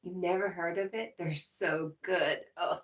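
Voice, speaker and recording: A woman's voice: fairly low pitch, steady tone, unhurried, distant mic. A woman hosting a livestream, chatting casually as she reads viewer comments aloud and laughs often. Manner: chatty, laughs often, talks to her dog. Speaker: livestream host.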